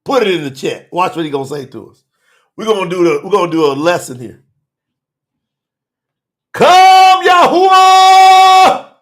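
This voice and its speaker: A man preaching a live-streamed sermon, fervent and casual by turns, breaking into shouts as he reads scripture to his viewers. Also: a little high, lively intonation, quick pace. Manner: casual colloquial talk to viewers.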